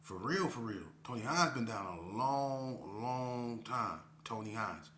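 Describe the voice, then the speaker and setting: A man's voice: medium pitch, expressive, measured pace, fairly bright tone, a little hiss or hum. A man telling prison stories casually, rambling and repeating "man" and "you know what I'm saying". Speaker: storyteller vlogger. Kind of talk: casual storytelling. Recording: roomy echo.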